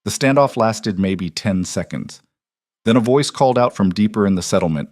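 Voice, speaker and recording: Low-voiced man narrating a story. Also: lively intonation, normal speed, darkish tone, no echo, studio quality.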